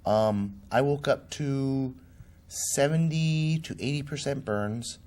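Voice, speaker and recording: A man's voice: medium pitch, takes it slowly, darkish tone. A man being interviewed as a political candidate, telling a personal story vividly and acting out the voices of the people in it. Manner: vivid, acts out quoted voices.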